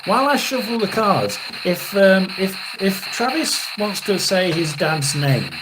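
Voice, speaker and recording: Halting man in his sixties, noisy stream. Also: sits high, lively intonation. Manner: halting and rambling, clears throat often. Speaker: psychic medium. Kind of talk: live tarot and spirit reading stream.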